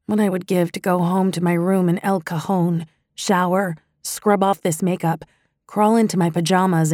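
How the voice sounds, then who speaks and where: A woman narrates a first-person audiobook with a warm, mellow tone that sits a little low. Her reading is measured and even, and the recording is dry and close. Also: no room sound.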